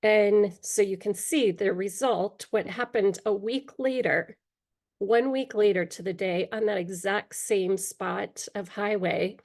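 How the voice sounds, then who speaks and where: A middle-aged woman speaking as an interview guest, recounting her own life in a candid, halting way. Her voice sits at an ordinary middle pitch, broken by pauses and small fillers. Now and then she clears her throat, bothered by allergies. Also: a little mellow. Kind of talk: personal storytelling in an interview.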